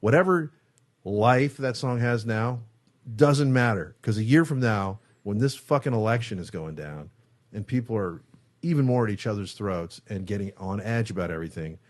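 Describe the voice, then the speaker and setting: A man with a fairly low voice tells a long story as a guest in a studio interview. He talks casually and swears often. He acts out what people said in the story. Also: normal speed. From San Francisco Bay Area. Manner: animated storyteller, acts out quotes, swears freely. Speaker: guest guitarist.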